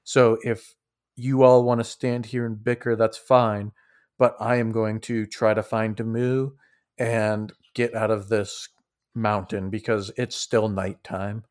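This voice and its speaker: A man voicing a steady, earnest male leader who speaks quietly and reasons with a group. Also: fairly low pitch, measured pace, no echo, clean studio sound, close to an everyday voice.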